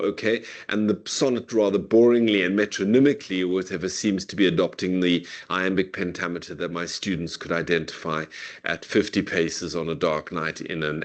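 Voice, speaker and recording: A middle-aged man giving a university literature lecture in a classroom, discursive and full of "okay?" tags. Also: deep voice. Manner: dramatic slow recitation of verse.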